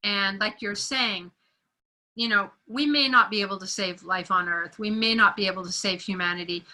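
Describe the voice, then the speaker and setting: Bright, animated woman telling a story. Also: mid-range voice, normal speed, poor audio. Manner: animated storyteller who acts out quoted voices and laughs often. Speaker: meeting participant. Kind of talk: sharing a personal story in a group meeting.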